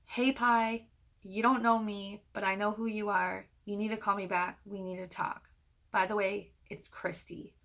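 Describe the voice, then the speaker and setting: A woman quoting a hurt young girlfriend in a soft, hushed, earnest voice. She comes across as urgent and held back rather than loud, a plain everyday voice set at a middle pitch. It is a storyteller's light retelling. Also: flat delivery, a little slow. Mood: quiet, urgent.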